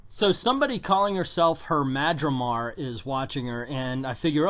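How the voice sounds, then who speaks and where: A man's voice: mid-range voice, animated, normal speed, a bit bright. A man reviewing a comic book with sarcastic, exasperated commentary. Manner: exasperated, mocking.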